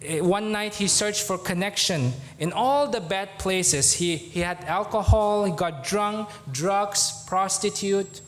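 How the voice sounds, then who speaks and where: Slow, earnest pastor with a Zomi accent. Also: male voice, high voice. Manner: slow, earnest storytelling with pauses. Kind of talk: sermon. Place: church.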